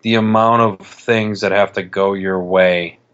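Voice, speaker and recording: Low-voiced man on a dull lo-fi mic. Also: steady tone, measured pace, a bit bright, clean tone. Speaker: podcast co-host. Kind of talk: casual sports chat.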